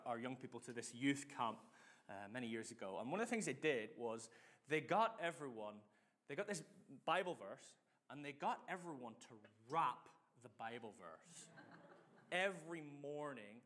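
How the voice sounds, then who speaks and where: Chatty, lively middle-aged male preacher. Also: on the high side. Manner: lively, chatty, self-deprecating with audience call-and-response. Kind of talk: sermon with personal stories.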